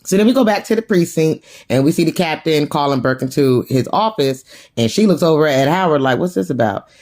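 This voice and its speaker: A woman casually recapping a TV episode, animated and profane, full of slang, often jumping into other voices to act out the characters. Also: low-pitched, brisk. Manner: acts out characters' lines in shifting voices. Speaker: TV episode reviewer.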